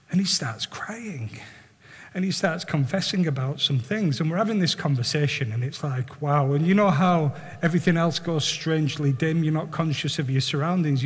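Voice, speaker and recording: A man preaching a sermon and telling stories, animated and earnest, often repeating words as he builds up. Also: on the high side, in a large hall. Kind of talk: sermon with storytelling.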